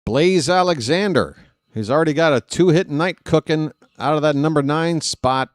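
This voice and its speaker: A man's voice: fairly high pitch, moderate pace, no echo, clean studio sound. A man calling a live baseball game as a streaming host, in a rambling, jokey, self-deprecating way. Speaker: play-by-play streamer. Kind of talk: live play-by-play commentary.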